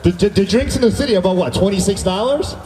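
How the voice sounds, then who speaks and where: A man doing stand-up comedy at an outdoor concert, telling animated stories and bantering with the crowd. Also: high-pitched, fast talker. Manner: animated storytelling, acting out dialogue with the crowd. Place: outdoor stage at a summer concert. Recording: echoey outdoor PA sound from far off.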